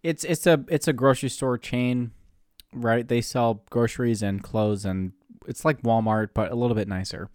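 A man's voice: medium pitch, fairly even intonation, normal speed, a little mellow, no room sound, studio quality. A young man from the Pacific Northwest, co-hosting a podcast, telling a story in a casual way, laughing often and swearing freely. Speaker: podcast co-host.

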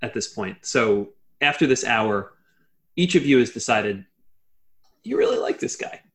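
A man as game master, narrating a tabletop game in a relaxed, conversational way. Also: medium pitch, a little slow.

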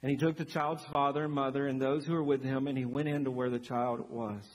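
A man preaching a sermon as pastor, in an animated, conversational way full of rhetorical questions. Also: mid-range voice, fairly quick. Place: church sanctuary. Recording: husky voice in a long-reverb church hall.

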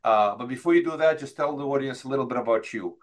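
A man's voice: medium pitch, fast. A man hosting a podcast, asking his guest loose, friendly questions with plenty of fillers. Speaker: podcast host. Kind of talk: casual interview chat.

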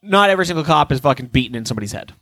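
A man chatting on a podcast, his pitch sitting a touch high and swinging widely as he tells a story. He swears freely and acts out the people in it. The mic is close and dry, with no room sound. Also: racing, dry recording, rough recording. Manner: profane, animated storytelling with shouted re-enactments. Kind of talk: casual podcast chat.

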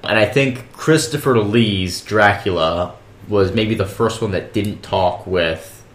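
A man co-hosting a podcast in casual chat, talking in a relaxed, rambling way with fillers. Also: on the low side, slow, echoey room, slight background noise. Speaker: podcast co-host.

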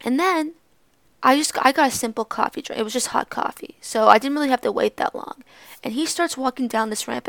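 Blunt, profane young woman with vocal fry. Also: fairly high pitch, no echo. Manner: blunt, profane, rambling with restarts. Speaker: podcast host. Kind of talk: casual storytelling monologue.

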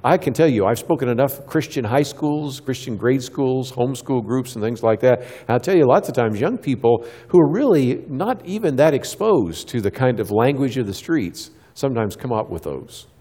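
A man's voice: mid-range voice, lively intonation, dark tone, in a large hall. A middle-aged man giving a church talk to a live audience, asking them questions and answering them himself, and acting out little exchanges with kids. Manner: acts out quick little dialogues with kids. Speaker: Christian speaker.

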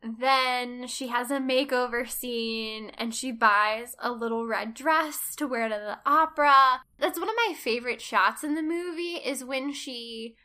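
A woman with a bright, somewhat high voice tells a movie's story to a friend in a relaxed, chatty way. She jumps between narration and little acted-out quotes and laughs as she goes. The tone is an easy, conversational podcast tone. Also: measured pace, few pauses. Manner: animated storyteller, acts out quotes, laughs often. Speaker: podcast co-host. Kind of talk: casual film recap chat.

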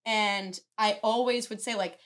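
A woman's voice: medium pitch, fairly even intonation, measured pace, a bit bright. A woman hosts a podcast in a casual chat. She talks in a gushing, effusive way. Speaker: podcast host.

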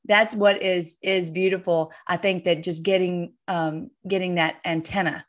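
A woman's voice: on the low side, fairly even intonation, a little slow. A woman in casual conversation about faith, talking with many fillers and restarts as she gathers her thoughts.

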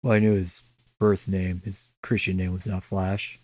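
A man's voice: deep voice, little pitch movement, normal speed, darkish tone, no room sound. Profane sarcastic young man chatting. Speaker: podcast co-host. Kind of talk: casual chat.

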